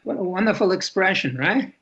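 An older man speaks in a husky voice pitched slightly high, answering an interviewer candidly. He pauses and repeats himself as he thinks aloud. The recording is muffled and lo-fi. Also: expressive, fairly bright tone. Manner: reflective, halting, repeats words. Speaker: author and interview guest.

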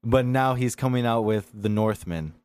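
A man's voice: mid-range voice, moderate pace, darkish tone, clear, resonant tone, no room sound. A man hosting a podcast in casual chat, rambling and laughing as he talks. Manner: rambling, laughing film talk. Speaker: podcast host.

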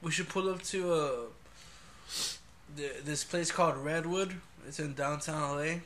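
Man, animated slangy podcast talk, bright tone, faint noise. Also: a little high, unhurried. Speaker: podcast co-host. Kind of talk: casual chat.

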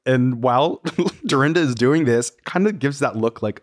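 A man co-hosting a podcast, casually recapping a show in an animated, rambling way with many fillers. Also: medium pitch, normal speed. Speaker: podcast co-host.

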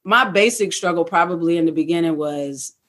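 A guest in a casual interview, telling stories in an animated way, acting out past thoughts and leaning on fillers like "you know what I mean". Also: mid-range voice, brisk. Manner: animated, acts out own past thoughts in quotes. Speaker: guest, truck owner-operator.

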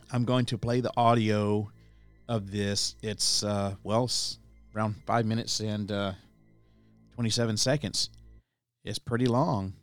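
A man hosting a show, casually commenting on a video in a hesitant way with many pauses. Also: on the low side. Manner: hesitant, full of fillers and restarts. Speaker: host reacting to a video.

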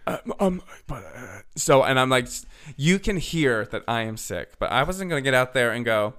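A young man hosting a podcast, telling a story casually. He talks in a chatty way, full of "literally" and "like", and his voice is slightly hoarse. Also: medium pitch, animated, normal speed, a bit bright. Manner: chatty, filler-heavy, "literally" and "like". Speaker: podcast host.

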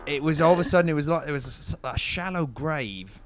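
A man playing a flustered neighbour who talks in a put-on British accent in an improvised comedy podcast, laughing and animated. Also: a little high, fast talker, lightly acted.

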